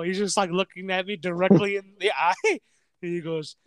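A man's voice: sits high, steady tone, brisk. A young man telling a story in casual chat, swearing often, laughing, and acting out what others said. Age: young adult.

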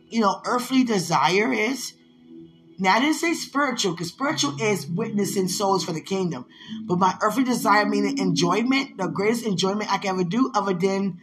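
A woman speaking in a casual, heartfelt monologue. She talks playfully and with affection, teases and laughs often, and swings between soft asides and loud bursts. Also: mid-range voice, poor audio. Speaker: vlogger addressing a loved one.

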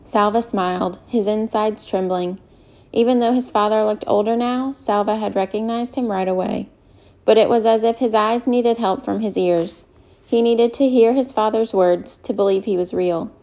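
Warm, gravelly woman narrating a novel. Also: medium pitch. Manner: calm, measured storytelling. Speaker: audiobook narrator. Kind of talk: scripted narration.

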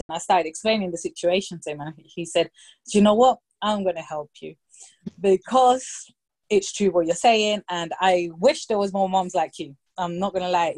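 A woman in her thirties telling a story in casual chat, lively and anecdotal, slipping into quoted voices for the people in it. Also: on the low side. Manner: lively anecdotal storytelling, quoting others in brief put-on voices.

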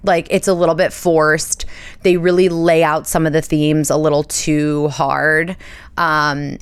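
A woman, hosting a podcast in a chatty, animated storytelling way. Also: low voice, unhurried, clean tone, no room sound. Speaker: podcast host. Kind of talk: casual chat.

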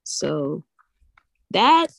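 A young woman earnestly recounting a vision in halting, repetitive casual speech. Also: low voice, big pitch swings, gravelly, no echo. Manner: earnest, halting, repeats herself. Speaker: guest sharing a vision. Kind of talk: casual testimony.

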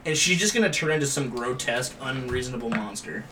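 A man's voice: mid-range voice, lively intonation, quick pace, pushed and bright. A man co-hosting a podcast, chatting crudely, swearing a lot and laughing often. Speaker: podcast co-host. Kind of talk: casual crude banter. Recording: echoey room, distant mic, faint hiss.

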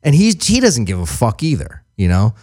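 A man in casual chat, telling a story in an animated way and swearing freely. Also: on the low side, moderate pace.

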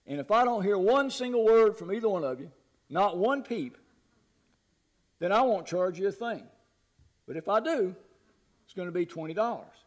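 A brash middle-aged stunt pilot with a showy, salesman's pitch, as a preacher puts him on. He talks loud and high, pushing each offer hard. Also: animated, normal speed, long pauses. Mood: boastful.

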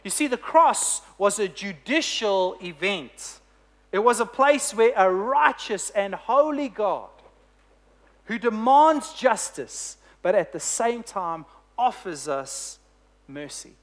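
A preacher delivering a sermon, telling a story with emphatic, deliberate phrasing. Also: mid-range voice, animated.

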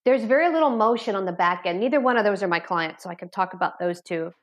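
A woman's voice: mid-range voice, animated, fast talker. A woman who works as an addiction therapist, telling blunt, matter-of-fact stories as an interview guest. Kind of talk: candid storytelling in an interview.

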